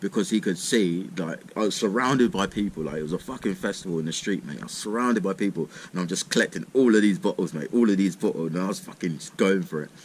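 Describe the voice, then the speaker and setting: Young man, very deep voice, rambling, sweary storytime. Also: quick pace, few pauses, slight background noise. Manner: rambling, swears a lot, says "mate" and "literally" often. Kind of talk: casual storytime monologue.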